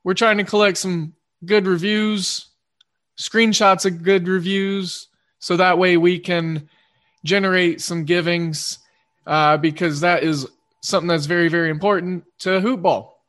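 A man with an Oklahoma twang hosting a sports betting podcast in a rambling, quick-fire casual monologue that often corrects itself. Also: sits high, fairly even intonation, a bit bright.

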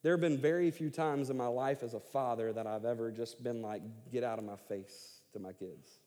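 A middle-aged man preaching as a pastor, telling the story with lively paraphrased voices. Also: mid-range voice, brisk, big-room sound. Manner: animated storytelling, voicing God and Cain in paraphrase. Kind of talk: sermon.

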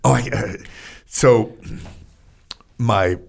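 An older man, an army veteran, telling stories in a casual interview, profane and animated, full of fillers. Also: lowish voice, drawn-out words, vocal fry.

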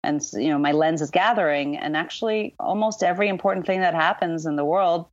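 A woman with a notably low voice talks through her answers thoughtfully, pausing on ums and restarting her sentences. The sound is dry and dull, with little room in it. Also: no room sound. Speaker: guest author. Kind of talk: podcast interview answers.

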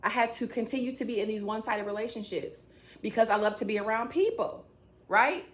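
A woman's voice: fairly high pitch, brisk. Chatty woman talking faith to viewers. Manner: chatty, rambling, addresses viewers directly. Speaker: faith vlogger. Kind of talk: casual faith-based talk to camera.

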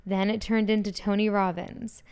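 A woman in her twenties talks casually to her podcast listeners, eager and effusive. Her voice is smooth and clean, sitting at an everyday middle pitch. She strings thoughts together with plenty of "like" and "um". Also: little pitch movement, normal speed, a little mellow. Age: 20s. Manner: gushing, enthusiastic, many "like" fillers. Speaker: podcast host. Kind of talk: casual solo podcast chat.

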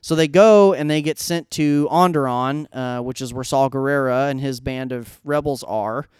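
A man co-hosting a casual fan discussion podcast, talking with animated asides and acting out characters' lines. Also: medium pitch, moderate pace, clean tone, no room sound, studio quality. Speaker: podcast co-host.

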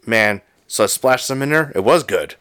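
A man's voice: mid-range voice, normal speed, dry recording, studio quality. A man chatting casually at home over whiskey, telling a story with lots of swearing. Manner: profane, animated storyteller. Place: home, drinking whiskey with a friend.

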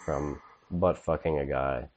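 A man's voice: extremely low pitch, steady tone, a little slow, a little mellow, highs cut off. A man co-hosting a comedy podcast, laid-back and riffing, saying "dude" a lot. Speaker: podcast co-host. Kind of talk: casual comedic chat.

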